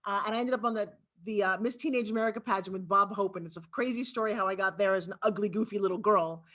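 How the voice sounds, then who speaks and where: A woman from Long Island with a New York accent, telling her life story as an expressive, talkative guest on a video call interview. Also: mid-range voice, fast. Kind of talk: animated storytelling.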